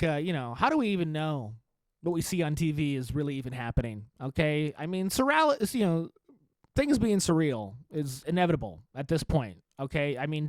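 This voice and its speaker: High-voiced man ranting on a podcast. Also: no echo. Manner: sarcastic, self-mocking, swears and laughs often. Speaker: podcast host. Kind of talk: solo podcast rant. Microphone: studio microphone.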